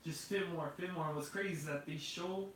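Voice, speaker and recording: A man chatting casually about movies, animated and laughing often, with many restarts. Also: fairly high pitch, brisk. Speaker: movie discussion host. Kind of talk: casual chat. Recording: echoey room, far from the mic, faint noise.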